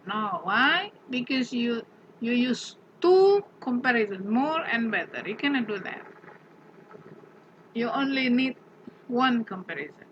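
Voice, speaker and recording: Woman grammar teacher, unhurried and questioning, somewhat muffled recording. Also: on the high side, big pitch swings, a bit bright, slight background noise. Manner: patient, repeats example words with rising emphasis; asks the class questions. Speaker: English teacher. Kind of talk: grammar lesson.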